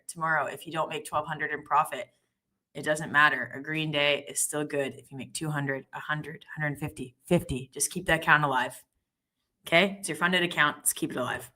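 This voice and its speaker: A woman's voice: deep voice, bright, forceful tone. A woman hosting a live trading stream in casual, chatty talk, giggly and self-deprecating.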